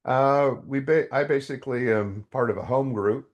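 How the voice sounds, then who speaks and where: A man's voice: mid-range voice, moderate pace, dull audio. A middle-aged man, a podcast guest, telling his faith story in a raw, candid way and acting out his own past outbursts. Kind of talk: candid testimony in an interview.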